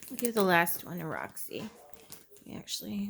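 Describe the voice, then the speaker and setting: A woman's voice: mid-range voice, expressive, moderate pace, creaky, husky. A woman at home talking to her puppy, giving short commands and coaxing praise. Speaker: dog owner training her puppy. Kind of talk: casual talk to a puppy. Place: home, indoors.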